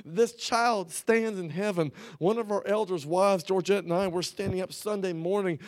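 A man preaching an emotional personal testimony, halting and repeating words as he speaks, growing earnest and intense. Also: sits high, steady tone, darkish tone.

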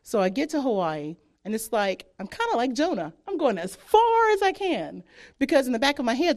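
A woman from the States, giving a personal testimony in a chatty, animated way and acting out what people said. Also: on the high side, a little fast. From southern United States. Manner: animated, chatty, acts out quotes, laughs often.

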